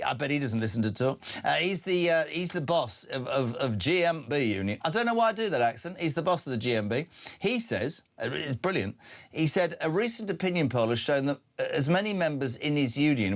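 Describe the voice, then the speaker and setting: Older male talk radio host, blunt and sardonic; slightly high voice, very animated pitch. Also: fairly quick. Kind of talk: opinionated breakfast radio talk.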